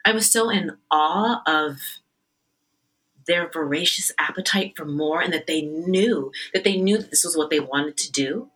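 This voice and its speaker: A woman opera singer recounts her career in a relaxed interview. Her voice is bright and sits a little low, and she tells her stories with animation, slipping into other people's voices. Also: breathy edge, rough recording. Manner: animated storyteller, acts out quoted voices. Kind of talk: conversational interview storytelling.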